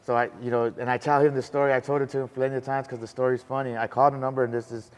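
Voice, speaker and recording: A man talking quickly at a mid pitch, recounting his story in casual, animated bursts and acting out the voices of others. His voice carries a long reverb, as if he were recorded in a large room. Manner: animated, acts out dialogue, says bro. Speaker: podcast guest.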